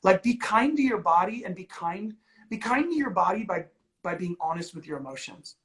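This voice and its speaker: A man's voice: sits high, very animated, moderate pace, fairly bright tone, low-quality recording. A man and ministry leader talking candidly and earnestly, with many "like"s and "you know"s. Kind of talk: candid conversational talk.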